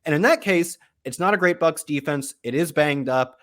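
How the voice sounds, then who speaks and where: A man's voice: fairly high pitch, moderate pace, fairly bright tone. A man on a football podcast, talking casually with a playful, teasing manner. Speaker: football analyst. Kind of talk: casual sports chat.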